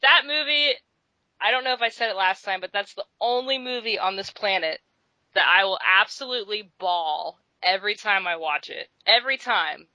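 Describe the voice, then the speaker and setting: A woman co-hosting an interview show, telling stories with animated, blunt energy and casual swearing. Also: medium pitch, moderate pace, no room sound, rough recording. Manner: animated storyteller, swears freely. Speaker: podcast co-host.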